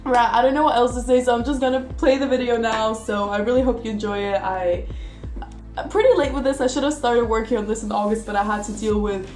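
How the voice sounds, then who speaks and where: A woman's voice: on the high side, darkish tone. An eighteen-year-old woman from Russia chatting casually to camera as a vlogger, rambling along with lots of "like" and "you know". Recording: echoey room with music behind.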